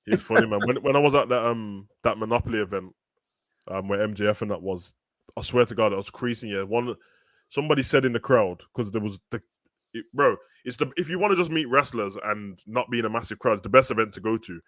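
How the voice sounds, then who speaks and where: A man's voice: fairly low pitch, a bit bright, dry recording. A man co-hosting a wrestling review show, telling slangy stories and laughing often. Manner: fast, slangy, laughing storyteller. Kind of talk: casual chat.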